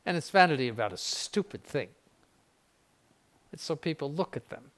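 A man's voice: fairly high pitch, animated, normal speed, a bit bright. Blunt older man giving a spiritual talk. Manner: conversational and blunt, with asides and dry laughs. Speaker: bishop giving a spiritual conference. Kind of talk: informal spiritual lecture.

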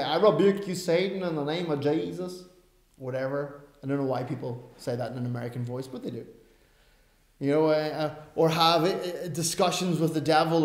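Male pastor, slightly high voice, emphatic delivery with wry asides, recorded in a reverberant church. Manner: emphatic, with self-aware asides. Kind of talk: sermon. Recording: roomy church echo.

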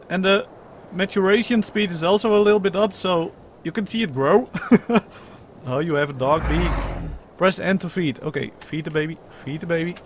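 A young man hosting a let's play, talking excitedly over his gameplay with strings of repeated words, bursts of laughter, and playful lines as the mother creature he controls. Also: fairly high pitch, a little hiss or hum. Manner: playfully role-plays as the mother creature in the game. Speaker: gaming channel host.

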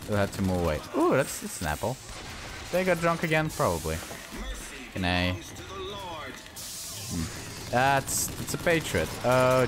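Excitable swearing man playing a game. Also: on the low side. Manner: excitable, swearing, yelling at enemies. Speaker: gaming channel host. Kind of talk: let's play commentary.

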